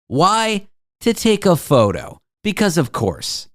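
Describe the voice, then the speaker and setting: A man's voice: sits high, wildly swooping pitch, takes it slowly, dry recording. A man hosting a radio talk show, delivering a sarcastic, jokey news monologue into a studio microphone.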